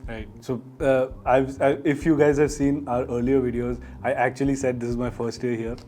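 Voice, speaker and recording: A man's voice: mid-range voice, level tone, normal speed, dark tone, faint music behind. A man presenting a discussion, upbeat and chatty, asking questions of the panel. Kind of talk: casual discussion.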